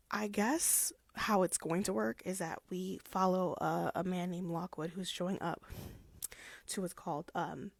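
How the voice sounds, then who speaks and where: A young woman vlogger chatting casually about a classic novel, playful and animated, slipping into quick character voices. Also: fairly low pitch, dry recording. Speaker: book vlogger. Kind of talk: casual chat.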